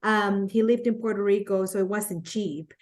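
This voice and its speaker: A Latina woman speaks at a middle pitch and tells her stories in an animated, conversational way. She acts out what people said to her as she goes. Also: normal speed. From Latin America. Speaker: guest, network marketer. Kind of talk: conversational storytelling.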